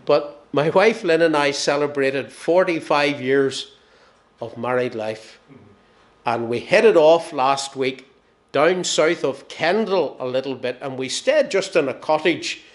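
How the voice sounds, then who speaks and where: A man in his sixties with a Northern Irish accent, preaching a sermon. He tells stories with gentle humour and lets his phrases fall soft and slow at the ends. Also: on the high side, lively intonation. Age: 60s.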